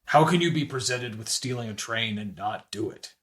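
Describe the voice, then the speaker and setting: A man's voice: mid-range voice, lively intonation, moderate pace, a bit bright. A man playing in a tabletop game, talking hesitantly with many "like"s. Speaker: player. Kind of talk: casual tabletop play.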